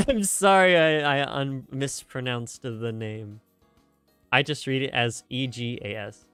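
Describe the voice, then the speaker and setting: A young man talking loosely to his stream chat, full of fillers, restarts and self-mocking jokes. His voice is smooth and clear, recorded close and dry. Faint music plays behind him. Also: medium pitch, slow pace, fairly bright tone, no echo. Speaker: streamer reacting to game music. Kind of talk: casual live-stream chat.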